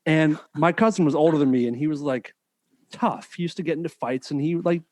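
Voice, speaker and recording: A man's voice: a little high, fairly quick, a little mellow, dry recording. A man hosting a podcast, chatting casually with a teasing, dry sense of humor. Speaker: podcast host. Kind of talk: casual chat.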